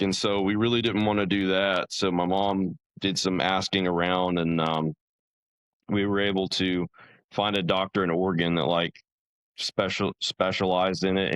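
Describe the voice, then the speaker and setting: Low-voiced young man telling his story. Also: fairly bright tone, smooth, no echo, rough recording. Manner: rambling, many fillers and restarts. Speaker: podcast guest. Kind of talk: casual interview storytelling.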